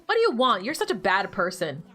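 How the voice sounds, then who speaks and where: A woman's voice: medium pitch, wildly swooping pitch, fairly quick, bright, forceful tone, faint music behind. A young woman streaming a game and chatting casually, teasing the characters on screen and laughing often. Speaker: gaming streamer. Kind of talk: casual gameplay livestream chat.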